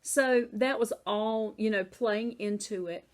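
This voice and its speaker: A woman's voice: mid-range voice, slow. A woman with a Southern American accent teaching a Bible lesson in a casual, conversational way, often saying "you know".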